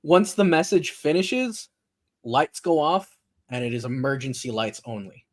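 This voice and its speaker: A man's voice: a little high, very animated, measured pace. A man narrating as game master for a tabletop role-playing game, talking loosely with frequent fillers and restarts.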